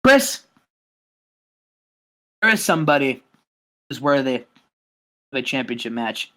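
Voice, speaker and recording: A man's voice: mid-range voice, sing-song, unhurried, a bit bright, voice pushed down. A podcast co-host voicing a male wrestling challenger who taunts a champion with a confident call-out. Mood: taunting.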